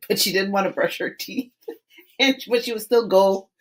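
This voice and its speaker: This podcast host, a woman in her forties, keeps the interview casual and lively, often laughing between her phrases. She speaks at medium pitch and a little slowly, captured on a low-quality recording.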